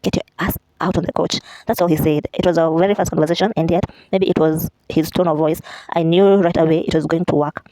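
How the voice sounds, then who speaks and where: A woman reads a memoir aloud at a quick clip, slipping in offhand asides and fixing her own slips as she goes. Her voice is mellow and warm, and the sound is dry and close. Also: low-pitched, steady tone, dry recording, poor audio. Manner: reads aloud with self-corrections and chatty asides. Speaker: vlogger reading a memoir aloud. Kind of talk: casual read-aloud.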